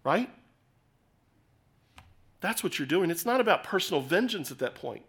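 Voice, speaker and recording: Bright-toned preacher, emphatic and urgent. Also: male voice, high-pitched, sing-song, moderate pace. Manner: emphatic, swings from loud urging to hushed storytelling. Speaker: pastor. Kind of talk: sermon.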